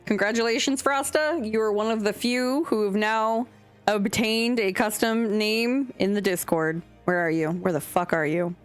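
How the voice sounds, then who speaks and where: A woman's voice: medium pitch, normal speed, smooth. A young adult woman streamer chatting casually and scatteredly with her chat, swearing now and then. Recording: faint music behind.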